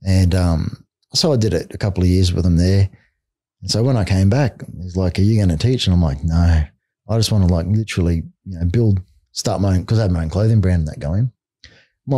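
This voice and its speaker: Middle-aged Australian man, podcast guest and coach, blunt and casual with a lowish, relaxed tone. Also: brisk, breathy edge, no echo, studio quality. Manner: blunt, swears freely, peppers speech with "mate" and "like". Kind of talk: casual storytelling chat.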